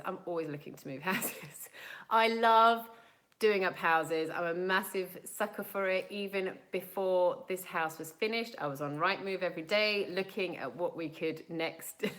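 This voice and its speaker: A woman in her thirties from South Africa, chatting casually as she answers viewers' questions live, with lots of fillers and quick laughs. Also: fairly low pitch, a bit bright, poor audio.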